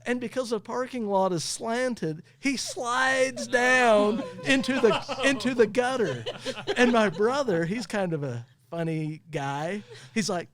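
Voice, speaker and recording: A man who owns a towing company, guesting on a podcast and telling funny stories in a casual, animated way, often laughing as he talks. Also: high-pitched, takes it slowly, a crowd in the background. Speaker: tow truck company owner, podcast guest. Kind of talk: casual storytelling.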